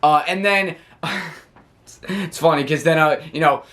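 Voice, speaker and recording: Man, slightly high voice, casual vlog recap, rambling, stumbles on words, laughs a lot. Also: a little slow, a bit bright. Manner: rambling, stammering, laughing often. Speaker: wrestling show reviewer.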